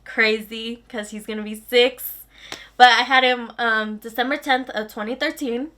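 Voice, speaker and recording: Chatty young woman, bright voice. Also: a little high, steady tone, moderate pace. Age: 20s. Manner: chatty, lots of fillers like "like". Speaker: vlogger. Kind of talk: casual storytelling to camera.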